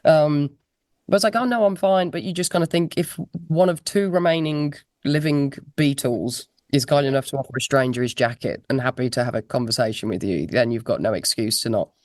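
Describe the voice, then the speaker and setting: A woman's voice: rumbling low, brisk, a little mellow, dry recording, studio quality. A woman, a musician guest telling anecdotes in a chatty, laughing way over a laptop video call. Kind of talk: casual interview chat.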